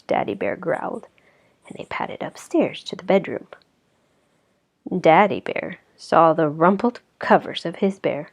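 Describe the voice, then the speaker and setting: A woman's voice: fairly low pitch, creaky, slightly rough. A woman reading a children's story aloud, expressively, at times dropping to a whisper. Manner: expressive, slow, sometimes whispering.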